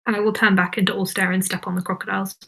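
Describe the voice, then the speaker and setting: A woman's voice: medium pitch, flat delivery, racing, a bit bright. A woman playing a tabletop game in a playful, teasing way. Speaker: player.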